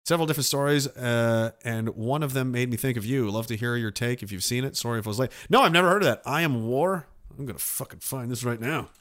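A man's voice: mid-range voice, fast talker, hardly any pauses, fairly bright tone. A man streaming and reading viewer messages, talking in a rambling, profane, self-interrupting way. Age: older.

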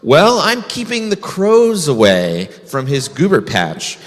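A man's voice: fairly high pitch, huge pitch swings, takes it slowly, in a large hall, full character voice. A man voicing a sly, cheerful male trickster rabbit in a folksy drawl.

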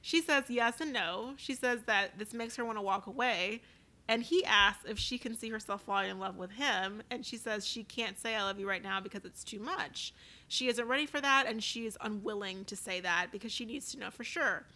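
A woman's voice: medium pitch, normal speed, bright, forceful tone. A woman co-hosting a casual podcast, recapping a reality show from her notes with lots of fillers. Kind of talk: casual chat.

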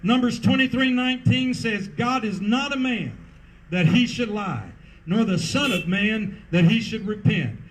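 A man's voice: high voice, animated, unhurried, a little hiss or hum, low-quality recording. A man preaching a sermon as pastor at an outdoor parking lot service, emphatic and rhythmic with repeated refrains.

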